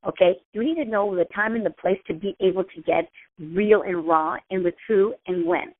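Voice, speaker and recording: Over a tinny phone-line connection, a woman host gives a casual, chatty motivational talk and often repeats herself. Her voice is medium in pitch at a moderate pace, with no echo.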